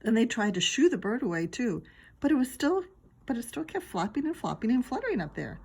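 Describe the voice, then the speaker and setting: Lady teacher reading a kids book out loud, lively, husky voice. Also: fairly high pitch, fairly quick. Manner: lively, giggly storytelling. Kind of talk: reading a children's book aloud.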